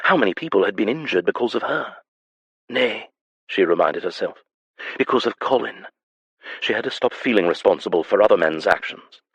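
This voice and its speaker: A man reading a historical romance audiobook in a measured, even manner. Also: low voice, slightly rough, no echo, rough recording. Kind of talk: scripted audiobook narration.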